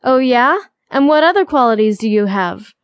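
A quick-tempered young heroine in a romance audiobook, sarcastic and easily exasperated, as the woman narrator reads her. Her voice sits fairly high and sounds close and dry. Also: animated, clear, resonant tone, no echo, close to an everyday voice.

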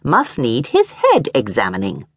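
A smug, stern husband of middle years holds forth in a lecturing, patronising way in this audiobook story, as a woman narrator puts him on. His pitch swings widely as he makes his points, and the sound is dry and close. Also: wildly swooping pitch, measured pace, a bit bright, breathy edge, dry recording, exaggerated voice. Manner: lecturing, coolly reasonable.

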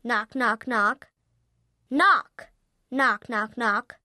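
A narrator voicing a giddy, bouncing father, a newspaper reporter who teases his son in a playful, hushed way. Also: extremely high pitch, drawn-out words, no room sound, clean studio sound, voice pushed down, full character voice. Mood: teasing.

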